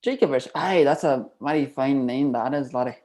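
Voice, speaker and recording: Man doing a folksy film director, put-on Scottish accent, rambling, medium pitch. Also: moderate pace, warm tone, lightly acted. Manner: rambling, fond of calling people laddie. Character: folksy forgetful old-world male film director. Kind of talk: improv comedy.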